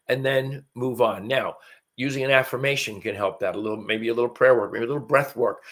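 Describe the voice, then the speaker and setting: A man's voice: mid-range voice, fairly quick. Folksy older man in his seventies. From North Carolina. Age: 70s. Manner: earnest, folksy, with restarts and fillers. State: allergy sniffles and coughing. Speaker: host. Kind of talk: casual talk on a live stream. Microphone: webcam live stream.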